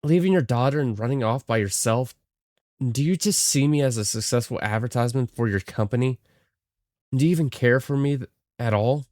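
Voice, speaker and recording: A man voicing a hurt, resentful young woman in a game, reading her lines quickly and accusingly. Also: medium pitch, a little mellow, dry recording, clean studio sound, lightly acted.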